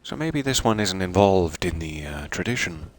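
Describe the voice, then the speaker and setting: Lively low-voiced man commentating a game. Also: normal speed, slight background noise. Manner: playful and theatrical, chatting to game characters and viewers; self-deprecating asides. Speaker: let's play streamer. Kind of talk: casual gameplay commentary.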